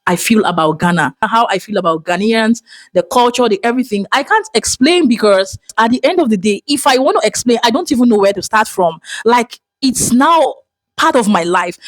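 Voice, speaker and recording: A vlogger from Nigeria with a Nigerian accent, speaking in an expressive, dramatic way in an emotional personal monologue. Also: mid-range voice, dry recording.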